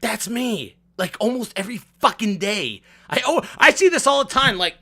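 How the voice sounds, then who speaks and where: A man's voice: animated, moderate pace. A man talking off the cuff in a vlog, with an upward inflection, swearing freely and repeating words as he goes. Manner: upward inflection, swings from loud rants to low mutters. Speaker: vlogger. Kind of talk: off-the-cuff monologue.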